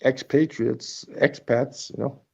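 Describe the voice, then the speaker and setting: A man's voice: medium pitch, fairly even intonation, slow, vocal fry, breathy edge, muffled recording. A man hosting a casual livestream from his apartment, telling rambling, profanity-laced stories. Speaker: livestream host. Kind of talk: casual chat.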